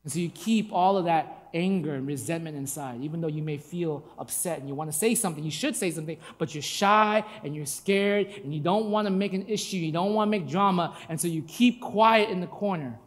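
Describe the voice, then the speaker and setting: In a space with long hall reverb, a preacher speaks briskly in a mid-range voice, hardly pausing. The sermon is emphatic and full of rhetorical questions aimed at the congregation.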